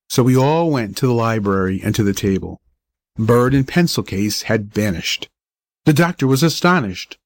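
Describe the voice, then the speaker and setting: A man reads an old-fashioned story in a measured, steady way. His voice sits at an ordinary middle pitch. The sound is close and dry, with no room echo. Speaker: narrator. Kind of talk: storybook reading.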